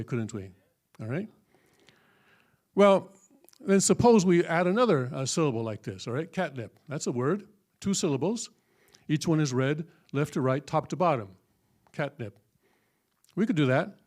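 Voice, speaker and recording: A man's voice: on the high side, darkish tone. A man giving a patient, step-by-step classroom lecture at a church, with many fillers and frequent check-ins with his listeners. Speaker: church teacher. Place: church hall.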